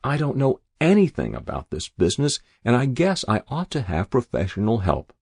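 A man's voice: mid-range voice, huge pitch swings, moderate pace, vocal fry, a little mellow, slightly rough, dry recording, clean studio sound, pitched above the performer's own voice, exaggerated voice. A man reading a story aloud and voicing a timid young husband who speaks hesitantly and pleads. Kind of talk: audiobook narration.

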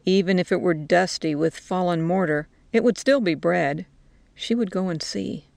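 A woman narrating a story in a slow, measured way. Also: fairly low pitch, gravelly, a little mellow, no echo.

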